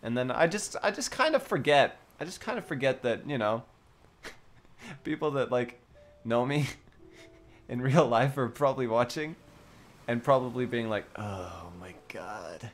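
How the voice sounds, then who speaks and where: A man's voice: medium pitch, lively intonation, normal speed, pauses often, soft background music. A young man chatting casually with his live-stream audience, joking around and laughing often.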